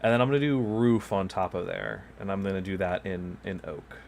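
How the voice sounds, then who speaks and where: A man with a low, expressive, brisk voice, creaky and darkish in tone, streams a game from his home desk with a faint hiss or hum in the background. He rambles casually into a mic beside him, chuckling often and poking fun at himself as he plays.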